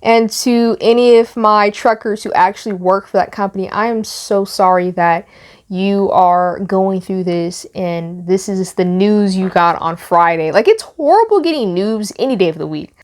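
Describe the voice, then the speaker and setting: A woman's voice: medium pitch, moderate pace, a little mellow. A young woman vlogger giving heartfelt, rambling commentary on the news. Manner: emotional, rambling with restarts. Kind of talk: casual commentary.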